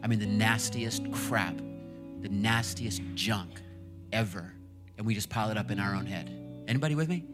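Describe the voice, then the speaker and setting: A man's voice: lowish voice, flat delivery, normal speed. A man in his thirties preaching a sermon in a church, chatty and laughing often, then building to fervent emphasis. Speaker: pastor. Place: church stage with live band. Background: worship music playing.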